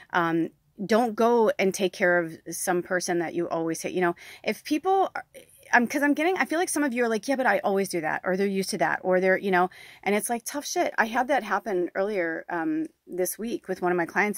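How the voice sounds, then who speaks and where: A woman in her thirties with a mid-range voice, recorded in clean studio sound with no room echo, works as a spiritual medium giving a casual, frank reading. She swears freely and tells her own stories animatedly, using lots of fillers.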